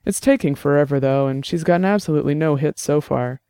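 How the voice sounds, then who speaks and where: A man's voice: on the high side, fast, dark tone, smooth, dry recording, close to an everyday voice. A man voicing an earnest, plain-spoken young detective.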